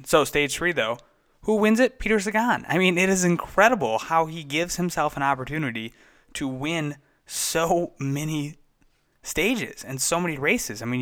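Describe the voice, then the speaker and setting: Man, podcast host, casual race recap, enthusiastic, bright tone. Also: fairly high pitch. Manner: chatty, enthusiastic, self-correcting.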